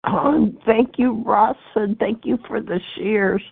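Slow husky woman, halting and grateful, creaky voice on a phone line. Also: a little high, no echo. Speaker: meeting member sharing. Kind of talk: recovery meeting share. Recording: tinny phone line, dry.

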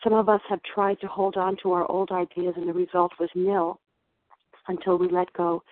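A woman from South Jersey sharing at a recovery meeting, reading passages aloud and explaining them in a measured way. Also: fairly low pitch, flat delivery, no echo. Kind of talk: personal share at a phone recovery meeting. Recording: tinny dry phone line.

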